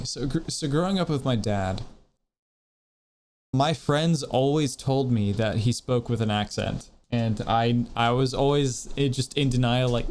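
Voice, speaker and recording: A man's voice: medium pitch, darkish tone, slight background noise. Rambling, joking male game streamer. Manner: rambling, self-deprecating, jokey. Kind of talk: casual stream chat. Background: faint music.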